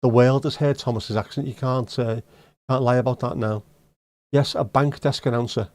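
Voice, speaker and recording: A man's voice: mid-range voice, steady tone, moderate pace, darkish tone, dry recording. A middle-aged man hosting a live stream, chatting casually and teasing viewers as he reads out their comments. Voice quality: joking, teasing banter. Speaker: livestream host.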